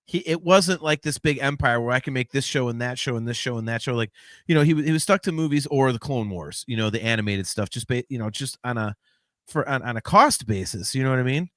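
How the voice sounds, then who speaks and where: A man hosting a podcast in casual chat, rambling with many restarts and lively swings in delivery. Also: medium pitch, quick pace, no room sound. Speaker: podcast host.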